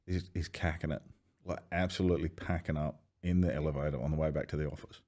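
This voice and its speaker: Aussie bloke, low voice, casual podcast chat, swears a lot, acts out the people in his stories. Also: fast talker. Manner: swearing, animated anecdotes with quoted voices. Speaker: podcast guest.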